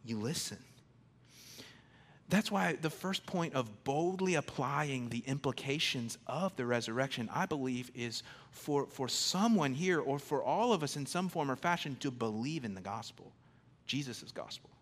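A man preaching a sermon in a conversational, emphatic way, swinging from loud declarations to hushed, intimate lines. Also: mid-range voice, animated, moderate pace. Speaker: pastor.

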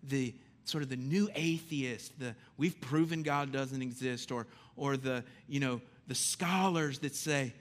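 A man preaching a sermon in a conversational, animated way, swinging between loud emphasis and hushed lines. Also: medium pitch, a little slow, few pauses.

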